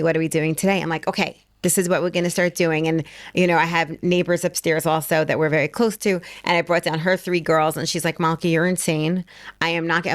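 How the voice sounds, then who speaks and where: A woman's voice: lowish voice, no echo. A middle-aged woman telling a story in casual conversation as a guest, acting out the quotes as she goes. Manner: animated, acts out quotes.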